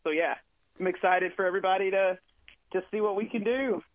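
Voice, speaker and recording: Calling in as an interview guest, a touring musician talks casually and a little fast, his high voice carrying no room sound. He's chatty and warm, rambling with many fillers over a tinny, dry phone line.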